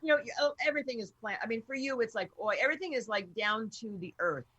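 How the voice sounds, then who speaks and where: A woman with a husky, slightly breathy voice pitched a bit high hosts a relaxed interview. She is blunt and rambles, and she drops curse words casually. The sound is close and dry. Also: fast, no echo, dull audio. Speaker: radio show host.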